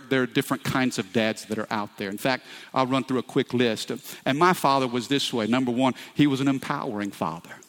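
A middle-aged male pastor preaching a sermon with passion, often turning to the congregation with asides. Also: mid-range voice. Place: church sanctuary. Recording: echoey hall.

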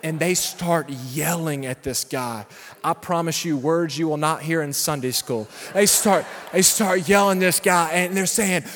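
A man's voice: on the high side, a little slow. Man preaching in a long-echoing hall. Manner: storytelling that builds to shouted preaching. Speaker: pastor. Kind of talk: sermon.

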